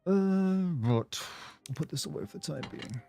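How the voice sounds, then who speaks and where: A man hosting a game stream, chatting in a relaxed way and thinking aloud as he plays. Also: a little high, moderate pace, creaky, music in the background. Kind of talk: casual gameplay commentary.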